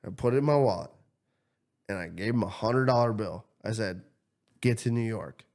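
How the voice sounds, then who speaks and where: A man's voice: on the low side, fairly quick. A man, co-hosting a podcast, telling a story in casual chat and acting out the people in it. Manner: animated, swears freely, acts out quotes. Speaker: podcast co-host.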